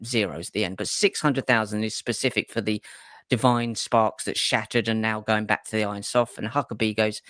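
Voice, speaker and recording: A man's voice: fairly low pitch, fairly even intonation, a little fast, fairly bright tone, no echo, clean studio sound. A man co-hosting a podcast in casual, emphatic chat who swears freely. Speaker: podcast co-host.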